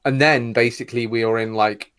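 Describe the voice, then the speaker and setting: A man co-hosting a podcast in casual chat, excitable and teasing. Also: medium pitch, brisk, clean tone. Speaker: podcast co-host.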